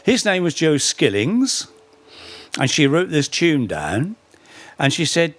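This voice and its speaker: A man's voice: fairly high pitch, sing-song, slow pace, pauses often, a bit bright, no room sound. A middle-aged man giving an anecdotal talk on folk history, with dry humour and frequent self-corrections. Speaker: speaker giving a public talk.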